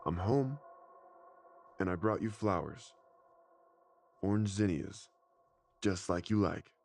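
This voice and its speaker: A man's voice: a bass voice, steady tone, a little slow, vocal fry, a little mellow, breathy edge, full character voice. A man voicing a cheerful, eerily sweet adult man who dotes tenderly on his wife, in a scripted horror story reading. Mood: doting.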